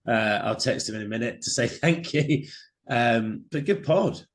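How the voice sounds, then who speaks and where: A man's voice: mid-range voice, a little slow. A man, co-hosting a podcast with jokey, banterish chat and casual swearing. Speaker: podcast co-host.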